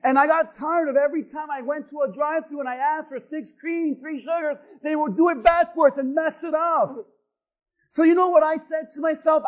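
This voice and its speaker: High-voiced pastor preaching with fire. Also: male voice, fairly even intonation, moderate pace, poor audio. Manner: impassioned preaching, swinging between hushed asides and shouted refrains. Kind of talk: sermon.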